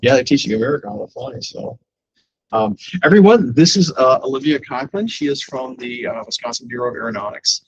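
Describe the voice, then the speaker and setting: A man instructing a class in a casual, halting way with many fillers. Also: medium pitch, lively intonation, low-quality recording.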